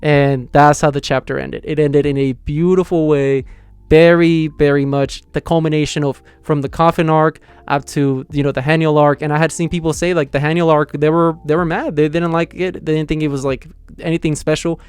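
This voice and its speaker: A young man talking through a manga chapter in a rambling, excited way, full of fillers and restarts. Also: fairly high pitch, normal speed, clean tone, no echo. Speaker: manga reviewer. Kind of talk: casual excited review.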